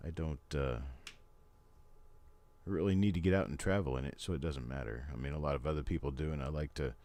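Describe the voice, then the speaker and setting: A man's voice: very deep voice, fairly quick, a little mellow. An older man hosting a live stream from his home in casual chat, rambling and folksy with chatty asides. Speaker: host.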